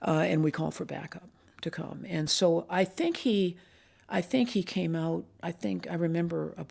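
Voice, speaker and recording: An older woman, a retired police commander, recounting her years on the force in a measured, reflective interview. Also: lowish voice, creaky, a little mellow, breathy edge. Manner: measured, reflective storytelling with pauses. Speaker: retired police assistant chief.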